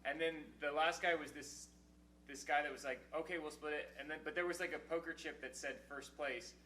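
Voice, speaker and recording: A man's voice: on the high side, steady tone, a little fast, pushed and bright. A man in his twenties, a podcast co-host, telling a long casual story with many false starts. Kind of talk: casual chat. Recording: distant mic in an echoey room with faint hum.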